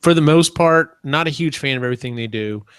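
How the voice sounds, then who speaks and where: Rambling podcast host, dry sound. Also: male voice, a little high, a little fast, a bit bright, clear, resonant tone, dry recording. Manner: rambling, many ums and restarts. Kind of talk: casual podcast chat.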